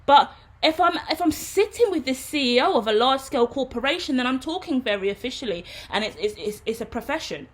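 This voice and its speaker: A woman's voice: high voice, expressive, fairly quick. A woman, a tarot reader, talking frankly and loosely in a casual vlog monologue. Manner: frank, rambling, conversational.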